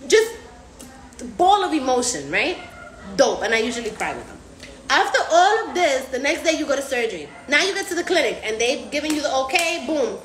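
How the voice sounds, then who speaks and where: A woman's voice: high voice, fairly quick, echoey room, slight background noise. A woman hosting a casual live stream, slangy and profane, acting out other people's voices as she talks. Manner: animated, acts out patients' voices. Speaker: recovery house host.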